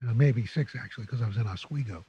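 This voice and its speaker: An older man from New City, a guest telling lively anecdotes in an interview. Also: medium pitch, fast talker, husky, dry recording, lo-fi sound. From New York City. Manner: animated anecdotes with playful character voices. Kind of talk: storytelling interview.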